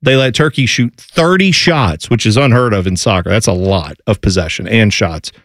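A man's voice: on the low side, moderate pace, no echo, clean studio sound. A man hosting a casual sports talk show, explaining soccer in a chatty way with jokey asides.

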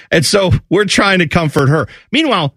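A man's voice: sits high, lively intonation, moderate pace, fairly bright tone, breathy edge, no echo, clean studio sound. A man hosting a morning radio show, telling a funny family story with lots of laughter and acted-out voices.

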